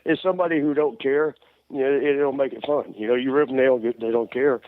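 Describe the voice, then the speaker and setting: A middle-aged man with a twang tells a backstage story in a loose, rambling way, laughing as he goes and restarting his sentences. His voice sits at an everyday pitch, and the audio sounds dull and lo-fi, like an old radio show. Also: fast talker. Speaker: interview guest, former wrestler. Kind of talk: casual storytelling.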